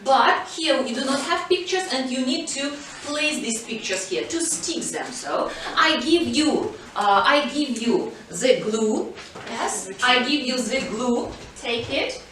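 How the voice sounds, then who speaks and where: A woman's voice: high voice, animated, slow pace, a bit bright, heavy reverb, recorded from a distance, slight background noise, poor audio. A woman teaching an English lesson to schoolchildren, prompting pupils and switching to Russian to explain tasks. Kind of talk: classroom lesson. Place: school classroom.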